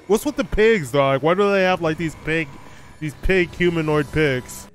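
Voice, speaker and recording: A man's voice: on the high side, moderate pace, a little hiss or hum. Man swearing through a reaction video. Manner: blunt, profane, talks back to the screen. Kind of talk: casual reaction commentary.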